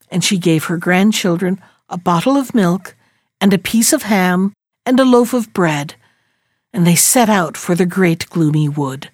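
Woman reading a fairy tale, steady and expressive, dry close sound. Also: on the low side, unhurried, no echo. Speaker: narrator. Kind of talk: storybook reading.

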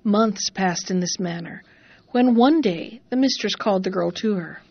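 A woman narrating a fairy tale in a measured, expressive reading voice. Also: medium pitch, no room sound, muffled recording. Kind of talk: storybook narration.

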